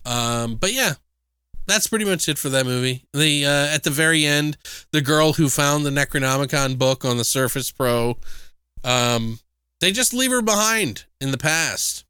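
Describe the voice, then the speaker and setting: Guy on a movie podcast, bright crisp voice, swears a lot, rambles through the plot. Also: a little high, lively intonation, normal speed, no echo, clean studio sound. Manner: rambling, profane, acts out quotes in voices. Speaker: podcast co-host, film reviewer. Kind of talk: casual chat.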